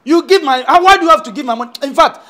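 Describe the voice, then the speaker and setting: A man's voice: very high voice, rapid-fire, a crowd in the background. An actor with a Ghanaian accent playing a threatening fetish priest who is also a student, blustering and repeating his threats. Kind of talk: comedy film acting.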